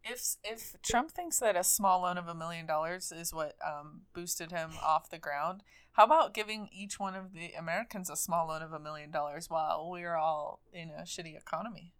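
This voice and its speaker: A woman's voice: fairly low pitch, moderate pace, a bit bright, smooth. A young woman co-hosting a podcast in casual chat, wry and sarcastic, swearing casually. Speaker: podcast co-host.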